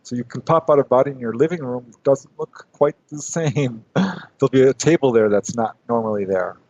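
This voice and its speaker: A man's voice: medium pitch, moderate pace, a little mellow. Radio guest man with a muffled line. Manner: laughs often, acts out his own quotes. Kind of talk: casual radio interview.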